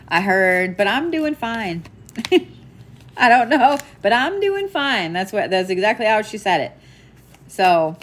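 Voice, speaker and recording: A woman's voice: mid-range voice, a little hiss or hum. A woman giving live psychic readings, casual and chatty, laughing and swearing now and then. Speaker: psychic medium.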